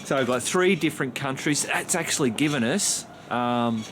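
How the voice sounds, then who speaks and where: A man's voice: mid-range voice, moderate pace, fairly bright tone, a little hiss or hum. An Australian man chatting casually to camera in a rambling vlog, just woken up and swearing mildly now and then. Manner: rambling, frequent mild swearing. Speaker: vlogger.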